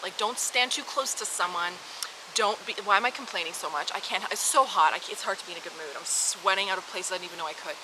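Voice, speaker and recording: A young woman speaks to camera like she's catching up with a friend, frank and animated, with easy swearing and quick laughs. Her voice sits at an ordinary middle height for a woman. Steady noise and passing traffic hum behind her. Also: medium pitch. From Canada. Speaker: vlogger. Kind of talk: casual storytelling to camera.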